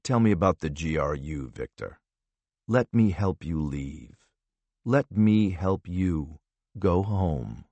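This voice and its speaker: A man voicing a calm, menacing male interrogator who speaks softly and slowly with quiet threat. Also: low voice, dry recording, voice pushed down, heavily acted. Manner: soft, slow, quietly threatening.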